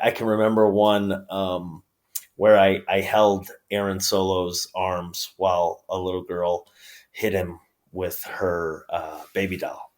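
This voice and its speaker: Deep-voiced New York man, easygoing. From upstate New York. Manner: relaxed, laughs often, many fillers. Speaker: guest, pro wrestler. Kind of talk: casual interview chat.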